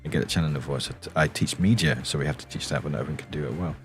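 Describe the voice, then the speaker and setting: Very deep-voiced man, soft-spoken. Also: rapid-fire, faint music behind. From England. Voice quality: deep morning voice. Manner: rambling, chatty, chuckles often. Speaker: streamer. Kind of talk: soft-spoken casual stream chat.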